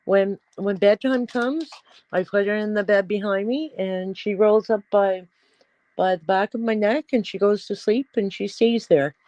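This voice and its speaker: Middle-aged woman hosting a casual stream: rambling and slow-paced, with a dry, close sound. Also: steady tone, a little mellow, dry recording, low-quality recording. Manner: chatty, rambling, coos at her pets in a high voice. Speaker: livestream host. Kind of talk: casual livestream chat.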